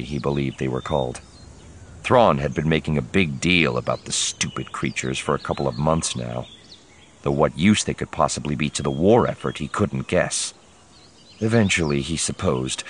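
Deep-voiced man reading an audiobook. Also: a little hiss or hum. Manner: dramatic reading, voicing characters. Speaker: audiobook narrator. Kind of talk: scripted audiobook narration.

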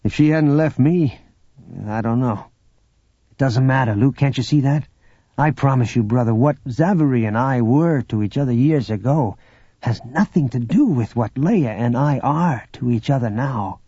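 A man's voice: medium pitch, moderate pace, dark tone, husky, no room sound, natural voice. A man reading an audiobook, voicing a blunt, protective male smuggler in a matter-of-fact tone. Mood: earnest. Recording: dull lo-fi audiobook recording.

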